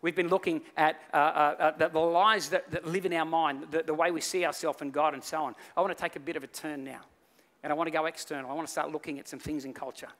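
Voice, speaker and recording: A male pastor preaching a sermon, telling stories with lively acted-out voices. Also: a little high, quick pace, hardly any pauses. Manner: animated storytelling, acts out voices in the story. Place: church hall. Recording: reverberant church hall.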